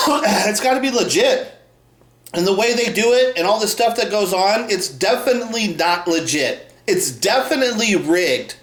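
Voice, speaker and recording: A man's voice: high voice, a bit bright. A man co-hosting a podcast, ranting in a heated, contemptuous way and swearing constantly. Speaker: podcast co-host. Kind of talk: angry profane rant. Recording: echoey room.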